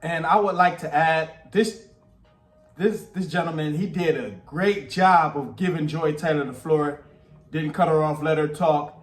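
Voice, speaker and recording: A man with a high voice gives casual reaction commentary. He speaks bluntly and emphatically and repeats his points. The room around him is echoey. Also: unhurried, faint music behind. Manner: blunt, repetitive, emphatic opinions. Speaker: commentary host reacting to a podcast clip.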